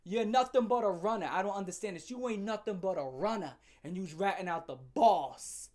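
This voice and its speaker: A woman voicing a menacing male company enforcer who talks loud, gruff street talk. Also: medium pitch, fairly quick, close to an everyday voice. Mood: scornful.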